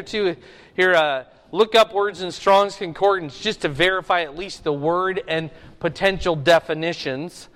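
A man's voice: a little high, a bit bright. A man teaching a classroom Bible lesson, often checking in with his listeners by asking "okay?". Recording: long reverb of a hall.

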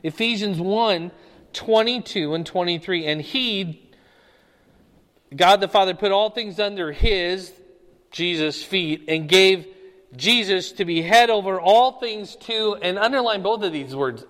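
A man's voice: high-pitched, measured pace, fairly bright tone. Emphatic man teaching in a reverberant hall. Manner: emphatic, repeats key words and checks in with "okay?". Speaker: Bible teacher. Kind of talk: Bible study teaching.

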